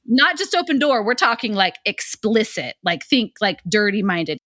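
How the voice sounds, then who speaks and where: Excited 40s lady guest, bright voice swinging all over, giggly, says like a lot. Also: mid-range voice, moderate pace, no echo, clean studio sound. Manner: energetic, laughs often, lots of "like". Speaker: guest author. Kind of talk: casual podcast chat.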